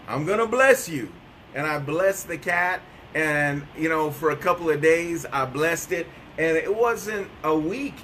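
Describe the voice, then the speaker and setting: Male co-host, high bright voice, excitable, lots of hallelujahs, faint noise. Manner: excitable, shouts hallelujahs and come-ons. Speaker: co-host of a faith talk show. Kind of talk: casual preaching chat.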